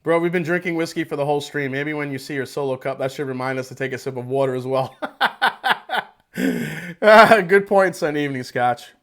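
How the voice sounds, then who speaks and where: Brisk and a bit bright, a man's high-ish voice carries a laid-back whiskey tasting livestream from his home. He rambles, chats loosely, laughs without effort and curses from time to time, using a wireless mic powered by a battery pack.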